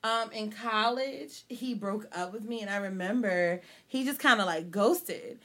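A young woman telling a story in casual chat with friends, animated and laughing often. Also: mid-range voice, measured pace.

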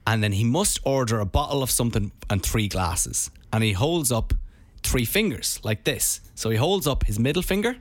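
A man's voice: medium pitch, normal speed, few pauses, no room sound. Chatty man telling a story. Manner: rambling, animated storytelling. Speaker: podcast co-host. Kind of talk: casual chat.

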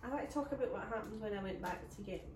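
A Scottish woman co-hosting a comedy podcast, telling a story in a casual, animated way and acting out the voices of the people in it. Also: mid-range voice, quick pace, slight background noise. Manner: acts out quoted voices, animated. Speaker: podcast co-host. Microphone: phone. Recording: echoey room, distant phone mic.

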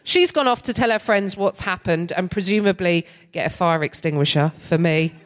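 A middle-aged woman performs stand-up comedy on a theatre stage at a moderate pace. Her voice is on the low side, and she tells a story in a sardonic, animated way while laughing between lines.

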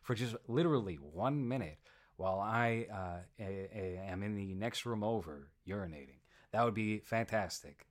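A man's voice: fairly low pitch, animated, moderate pace. A man hosting a casual movie review chat, opinionated and given to sarcastic asides. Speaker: podcast host.

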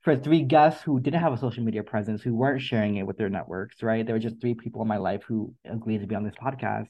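A man's voice: fairly low pitch, quick pace. Earnest reflective man, slightly dull audio. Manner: earnest, reflective, repeats words as he thinks. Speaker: podcast guest. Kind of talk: emotional interview conversation.

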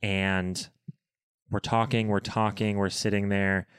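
A young adult man co-hosting a podcast, telling a personal story in casual chat and bursting into high-pitched voices when he quotes people. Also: slow, clear, resonant tone, dry recording, clean studio sound. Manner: animated retelling with high-pitched acted quotes. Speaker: podcast co-host.

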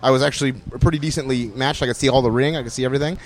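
Excitable, fast-talking man. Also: mid-range voice. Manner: excitable, jokey, laughs often. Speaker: podcast co-host. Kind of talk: casual chat. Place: walking around a wrestling fan event.

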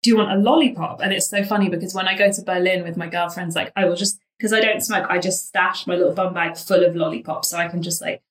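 A woman from London telling a story about herself in a casual way, lively, often laughing and acting out what she said back then. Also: lowish voice, fast talker, hardly any pauses, reverberant, low-quality recording. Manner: animated, laughing, acts out her own past lines.

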